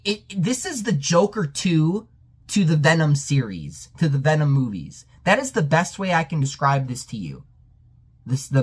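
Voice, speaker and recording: A man giving a profane, exasperated ranting film review that breaks into sudden yelled outbursts. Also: fairly high pitch. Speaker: movie reviewer.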